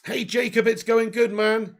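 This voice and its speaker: A man hosting a live football watch-along, commenting excitedly and reading out viewer messages. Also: very high voice, unhurried. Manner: excitable, casual, swears, reads out viewer messages.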